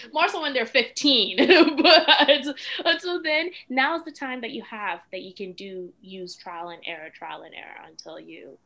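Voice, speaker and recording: Bright-voiced animated young woman. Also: on the high side, creaky, low-quality recording. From West Africa. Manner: animated and expressive, with frequent "you know what I mean". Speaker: guest, mother. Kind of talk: casual interview chat.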